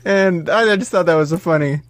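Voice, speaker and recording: A man co-hosting a casual podcast chat, telling jokey stories in an animated way. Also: a little high, a little fast, a little hiss or hum. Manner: animated joking storyteller. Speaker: podcast co-host.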